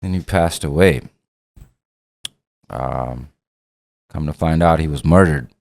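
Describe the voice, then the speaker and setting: A middle-aged man with a Pakistani accent, a rapper appearing as an interview guest, tells long, profane, rambling stories, acting out the dialogue in a candid conversation. His voice is rumbling and low, creaky and a little mellow, taken slowly in a dry recording.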